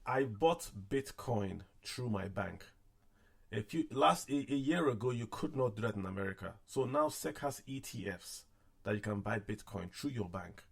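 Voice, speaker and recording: A man's voice: on the low side, animated, moderate pace, creaky. A man hosting a casual finance discussion with callers, talking in a conversational way and repeating points to stress them. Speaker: podcast host. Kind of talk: casual discussion on a call-in show.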